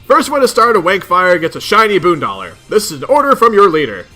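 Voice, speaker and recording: A man's voice: high voice, big pitch swings, a little fast, bright, forceful tone, soft background music, exaggerated voice. Man doing a cranky, foul-mouthed troll leader. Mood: sarcastic. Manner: gruff, exasperated ranting with heavy swearing.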